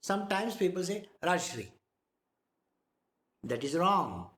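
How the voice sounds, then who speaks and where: Slow, lively-voiced teacher. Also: male voice, high-pitched, echoey room. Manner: slow, demonstrates pronunciation, asks listeners if they follow. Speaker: spiritual teacher. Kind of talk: spiritual discourse.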